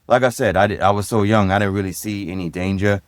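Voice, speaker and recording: Middle-aged man, New York accent, very deep voice, easygoing storyteller, dry close sound. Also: steady tone, quick pace, no echo. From Brooklyn, New York. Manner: easygoing, reflective, repeats phrases. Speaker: guest, retired police lieutenant and DJ. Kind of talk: casual interview storytelling.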